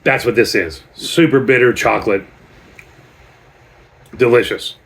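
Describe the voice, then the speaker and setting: A man's voice: medium pitch, measured pace, a bit bright. A man reviewing a beer in a casual vlog, chatty and rambling as he tells stories between sips.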